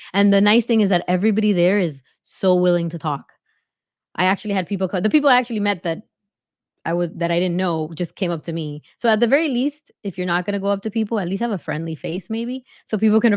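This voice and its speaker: Woman, lowish voice, friendly, hesitant, fillers, dry lo-fi video call sound. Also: no room sound. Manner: friendly, hesitant, many fillers and restarts, laughs easily. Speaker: guest giving advice. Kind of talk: casual group video call chat.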